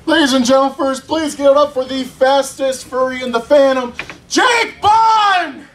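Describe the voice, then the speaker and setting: A man emceeing an open mic, loud and hyped, swearing freely as he brings on the next act. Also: very high-pitched, moderate pace, far from the mic, a little hiss or hum. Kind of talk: hyping up acts.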